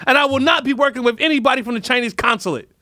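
A man's voice: very high voice, racing, bright, forceful tone, no room sound, studio quality. A man hosting a comedy podcast, ranting in a rambling, profane way and mock-scolding world leaders. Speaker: podcast host.

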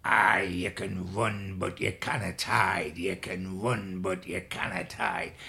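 An older man quoting a gruff football manager who taunts the players, in a gravelly voice close to his own. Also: low voice, level tone, slow, sharp tone, heavily acted. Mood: taunting.

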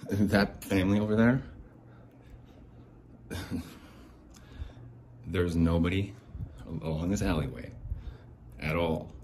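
A man hosting a podcast, ranting in exasperation, swearing and swinging between low mutters and sharp outbursts. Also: slow, long pauses, a little hiss or hum. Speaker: podcast host. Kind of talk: angry ranting monologue. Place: home near a window.

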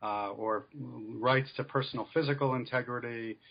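A man of middle pitch explains his points in a measured, academic way and fills his pauses with "uh" and "um". The audio is dull and lo-fi, like a podcast interview recorded over a modest connection. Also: fairly even intonation. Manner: measured, explanatory, many fillers. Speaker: author and scholar guest.

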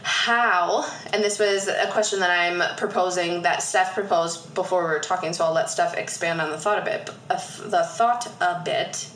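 A lively woman in her thirties co-hosts a casual chat, swearing freely and laughing as she tells stories. Her voice is bright and forceful, and the room around her sounds echoey with a faint hiss. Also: on the low side, moderate pace, few pauses. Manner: animated, swearing, laughing often, acting out past selves. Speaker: podcast co-host.

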